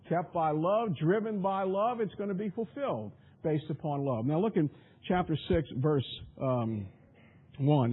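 A man's voice: high-pitched, breathy edge, narrow, tinny audio. A man preaching a sermon with emphatic delivery and frequent rhetorical questions.

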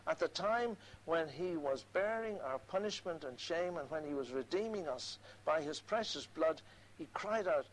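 A man's voice: a little high, lively intonation, normal speed, a little hiss or hum, poor audio. A man preaching a sermon, earnestly quoting scripture and repeating key phrases for emphasis.

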